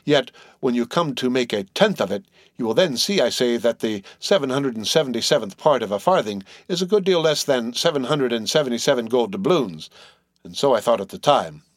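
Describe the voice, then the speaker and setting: A man narrating a classic novel aloud in a measured, wry storytelling manner. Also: mid-range voice, animated, no echo, studio quality. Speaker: audiobook narrator. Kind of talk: literary audiobook narration.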